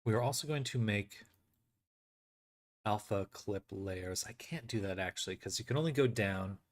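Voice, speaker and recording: A man's voice: on the low side, moderate pace. A man giving a casual screen tutorial on building an avatar, thinking aloud and correcting himself as he works. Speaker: avatar creator.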